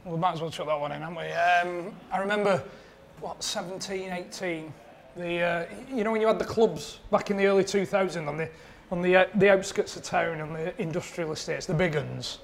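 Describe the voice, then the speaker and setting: Man, high voice, gravelly fry, rambling storyteller. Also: brisk, slight background noise. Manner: rambling, self-mocking anecdote telling. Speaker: podcast producer. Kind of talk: casual storytelling.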